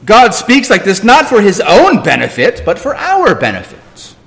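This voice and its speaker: A man's voice: high-pitched, wildly swooping pitch, normal speed, gravelly, a bit bright, long reverb tail. A man pastor preaching a sermon, emphatic and repetitive, questioning the congregation and answering himself.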